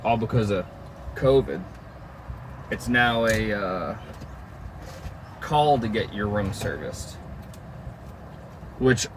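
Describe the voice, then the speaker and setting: A man's voice: lowish voice, slight background noise, low-quality recording. A man vlogging in a casual chat, rambling with lots of fillers and the odd swear word.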